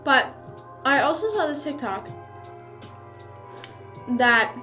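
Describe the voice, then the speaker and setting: In a slow, sing-song manner, a young woman streaming a mukbang chats loosely, leaning on fillers as she eats and talks. Her voice is a bit high for a woman, and faint soft music sits underneath.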